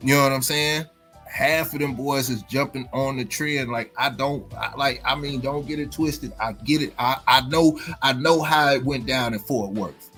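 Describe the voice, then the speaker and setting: A man's voice: mid-range voice, moderate pace, fairly bright tone, faint music behind. A man hosting a casual livestream chat, rambling with many restarts and filler phrases. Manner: rambling, many restarts and "you know what I'm saying". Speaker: livestream host.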